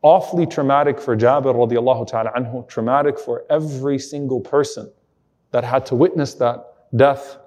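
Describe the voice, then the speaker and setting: A man's voice: medium pitch, a little mellow. A man giving an Islamic lecture, retelling an emotional story earnestly and quoting Arabic passages. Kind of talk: sermon-style storytelling lecture.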